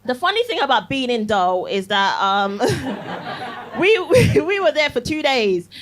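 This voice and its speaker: A woman's voice: sits high, very animated, normal speed, a crowd in the background. A young woman doing a chatty, punchy stand-up set on a comedy club stage, tagging jokes with "yeah?" and laughing at her own lines. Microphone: handheld stage mic.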